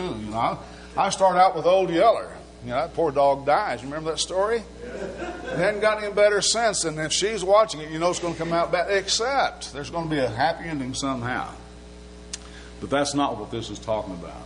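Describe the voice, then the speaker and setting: A male preacher delivers a sermon in a loose, conversational way, asking questions of the room and joking along the way. His voice sits a little on the high side. A faint hum runs under the recording. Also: animated, a little fast, low-quality recording. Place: church sanctuary.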